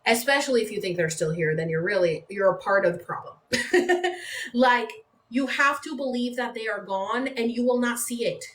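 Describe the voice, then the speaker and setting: A woman's voice: a little high, lively intonation, moderate pace, fairly bright tone. Rambling woman livestreaming in an echoey room. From San Diego, California. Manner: rambling, conversational, uses "like" often. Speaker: livestream host. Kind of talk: casual livestream chat. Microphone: phone mic. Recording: echoey room with faint background noise.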